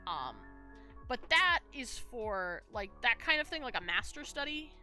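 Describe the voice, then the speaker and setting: A young woman chats with her stream while she draws, rambling through her points with plenty of fillers and restarts. Her voice is bright and forward, and soft music plays faintly behind her. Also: on the high side, sing-song, unhurried. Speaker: streamer and artist. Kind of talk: casual live-stream chat while drawing.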